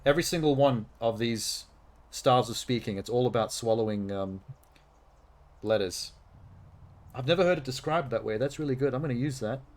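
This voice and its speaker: A man's voice: mid-range voice, lively intonation, moderate pace, long pauses. A man from Australia with an Australian accent, casually chatting and laughing as he streams a game, swearing freely. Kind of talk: casual gameplay commentary.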